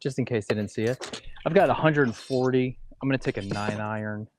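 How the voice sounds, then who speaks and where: A man's voice: mid-range voice, brisk, slight background noise. A man co-hosting a golf livestream, casually chatting and explaining course details while playing outdoors.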